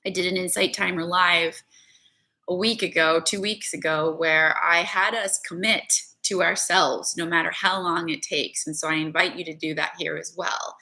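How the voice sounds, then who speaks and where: A woman's voice: fairly low pitch, a little fast, creaky, sharp tone. A woman spiritual coach giving an earnest, conversational motivational talk and often checking in with "right?".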